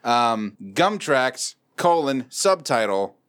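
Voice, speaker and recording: Animated, laughing male podcast host. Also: medium pitch, slow pace, clear, resonant tone. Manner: animated, jokey, laughs often. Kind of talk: casual chat.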